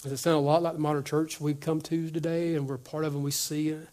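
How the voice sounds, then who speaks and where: Moving at a quick pace, a man with a slightly high voice delivers an animated sermon. He plays out little dialogues and drops almost to a whisper at points.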